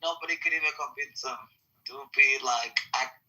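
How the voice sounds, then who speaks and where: A man's voice: mid-range voice, normal speed, bright, forceful tone, poor audio. A man talking in casual political banter, blunt and profane, with emphatic repetition. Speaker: podcast host.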